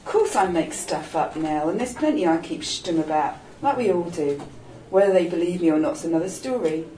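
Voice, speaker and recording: A woman's voice: on the low side, expressive, normal speed, dark tone, slight background noise, natural voice. A woman voicing a troubled young man, glum and plaintive, in a storybook reading. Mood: defiant. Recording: roomy echo, distant mic.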